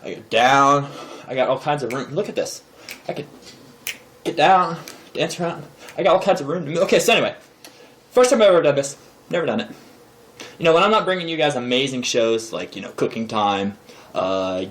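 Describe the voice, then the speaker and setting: A man in his thirties sits in a chair indoors and rambles jokingly to a camera propped in a desk drawer. His pitch sits in the usual middle for a man, and he keeps poking fun at himself. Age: 30s. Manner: joking, self-deprecating and rambling. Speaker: vlogger host. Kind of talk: casual comedic monologue to camera. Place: indoor room, seated in a chair.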